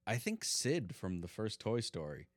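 A man's voice: fairly low pitch, very animated, normal speed, dry recording, studio quality. A young man co-hosting a casual podcast chat, cracking crude sarcastic jokes. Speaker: podcast co-host.

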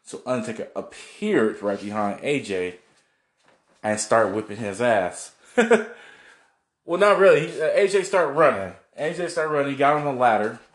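A man's voice: medium pitch, lively intonation, moderate pace, echoey room. A man casually recapping a wrestling show on video, rambling, laughing and swearing as he goes. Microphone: camera mic, seen on video.

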